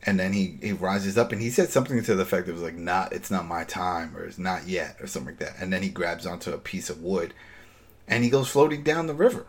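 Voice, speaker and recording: A man hosting a casual chat, retelling a TV episode in an animated way and acting out the lines. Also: low voice. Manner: animated storytelling, acting out scenes, quick laughs. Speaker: podcast host recapping a TV episode.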